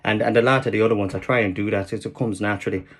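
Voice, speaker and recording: Man doing a fast, easygoing Southern Irish man, low voice. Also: steady tone, a bit bright, slightly rough. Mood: breezy. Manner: fast, rolling, repeats words. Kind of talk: accent demonstration, improvised chat.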